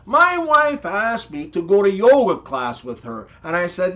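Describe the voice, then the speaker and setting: A man telling jokes with a high, bouncing voice that swings up and down a lot. He takes his time, pausing before each punchline, in a slow, unhurried delivery. It sounds like a scripted comedy channel host. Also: very animated, a bit bright.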